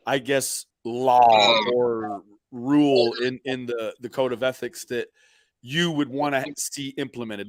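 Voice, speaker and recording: A man's voice: medium pitch, no echo. Joking, profane man moderating a panel. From US Gulf Coast. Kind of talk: casual group chat.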